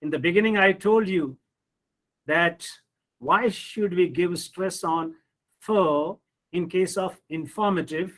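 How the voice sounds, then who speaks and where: A man's voice: high-pitched, slow, long pauses, low-quality recording. A man, a professor teaching pronunciation in an online lesson, who drills words one at a time and answers his own questions.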